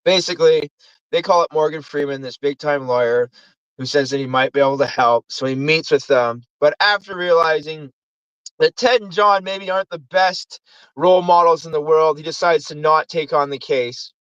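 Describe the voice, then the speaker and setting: A man's voice: a little high, steady tone, normal speed, a bit bright, smooth, no echo, muffled recording. A man hosting a casual movie review show, rambling through plots and acting out lines from the films. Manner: rambling, acts out movie quotes. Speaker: host.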